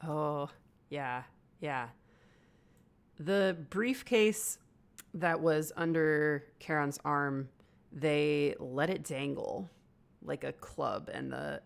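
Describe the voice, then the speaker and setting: A woman running a tabletop role-playing game as game master, chatty and relaxed, thinking aloud as she explains the rules. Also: deep voice, slow pace, vocal fry, smooth.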